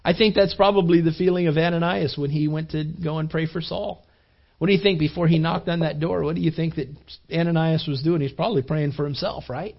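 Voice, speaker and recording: Male pastor, high voice, lively storytelling sermon, dull lo-fi recording. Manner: animated storytelling, acting out quoted voices, repeated restarts.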